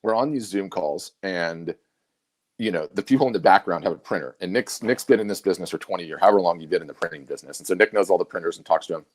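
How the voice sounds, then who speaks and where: A man's voice: deep voice, fast. A middle-aged man co-hosting a casual webinar, telling stories animatedly, with many restarts. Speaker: co-host.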